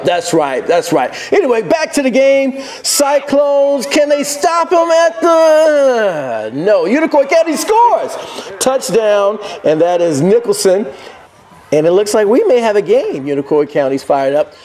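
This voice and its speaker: High, lively man narrating football clips. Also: a little hiss or hum. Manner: excited, whooping, jokey asides to viewers. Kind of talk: casual play-by-play over game footage.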